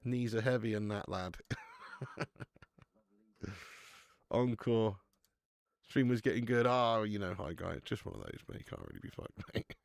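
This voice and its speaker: A man's voice: lowish voice, sing-song, unhurried, creaky, long pauses, no room sound. A man hosting a live football watch-along stream, chatting casually with viewers, laughing often and swearing freely.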